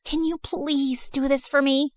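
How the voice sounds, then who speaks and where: A woman's voice: high voice, little pitch movement, measured pace, no echo, studio quality. A woman voicing a popular, scheming teenage girl in a story reading, pleading and persuasive.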